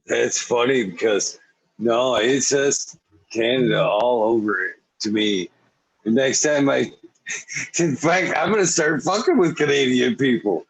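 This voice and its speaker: Slow husky man, laid-back host. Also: medium pitch, lively intonation, no room sound, poor audio. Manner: laid-back, swears freely, slips into mocking voices while laughing. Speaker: podcast host. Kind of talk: casual late-night chat.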